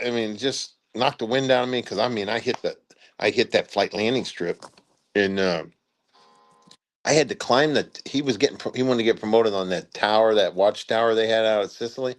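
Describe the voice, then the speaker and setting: An older retired army general telling stories in an interview, rambling with restarts and acting out quotes loudly. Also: male voice, on the low side, brisk. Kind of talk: storytelling interview.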